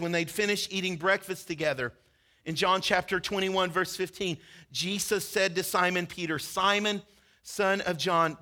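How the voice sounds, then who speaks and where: A man's voice: high voice, bright, forceful tone. A man preaching a sermon as a pastor, telling a story with earnest intensity and acting out the quoted lines.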